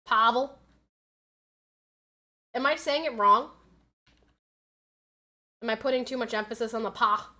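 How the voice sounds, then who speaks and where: Bright-voiced chatty American woman streamer. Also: a little high, a little slow, pauses often. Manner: chatty, reads chat aloud, gets loud and frantic in fights. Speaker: game streamer. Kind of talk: casual live-stream chat while gaming.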